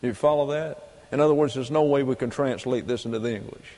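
A man's voice: medium pitch, quick pace, mellow. A man preaching a doctrinal sermon, explaining Greek grammar point by point and repeating key phrases for emphasis. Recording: long hall reverb.

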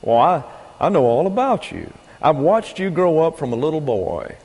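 A man's voice: fairly high pitch, big pitch swings, moderate pace, husky, full character voice. A man voicing an earnest, stammering older male guardian angel in a retold film story. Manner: gentle, stammering, eager to please. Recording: long reverb.

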